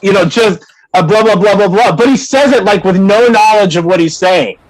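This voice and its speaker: A man's voice: high voice, moderate pace, poor audio. A man in a tabletop game, calling for rolls in a casual, playful way. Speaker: game master.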